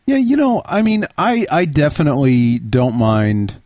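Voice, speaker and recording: A man's voice: on the high side, wildly swooping pitch, measured pace, darkish tone, no echo, studio quality. A man co-hosting a podcast in casual chat, reflective and enthusiastic. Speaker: podcast co-host.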